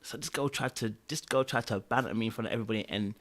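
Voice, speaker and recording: A young man in casual podcast talk. He tells his story with energy, acting out the quoted lines, at an even middle pitch. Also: fast talker. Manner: animated storytelling, acts out quotes, fills with "da, da, da".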